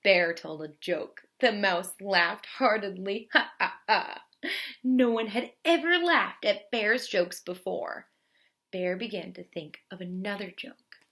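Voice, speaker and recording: A woman teacher reading a picture book aloud to children in an expressive way, stopping to explain words. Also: mid-range voice, unhurried. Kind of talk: children's read-aloud narration.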